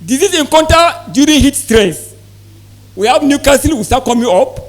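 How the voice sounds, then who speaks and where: A man's voice: very high voice, animated, normal speed. A man gives a live presentation to poultry farmers, often asking the audience questions and repeating key points. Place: exhibition hall presentation.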